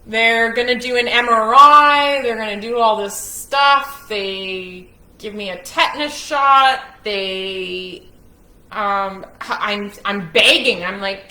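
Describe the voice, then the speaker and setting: A woman's voice: mid-range voice, slow pace, sharp tone. A woman telling her own story to the camera at home, speaking bluntly and without shame. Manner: candid, blunt, unashamed. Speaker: person recounting her own ordeal. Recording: roomy echo.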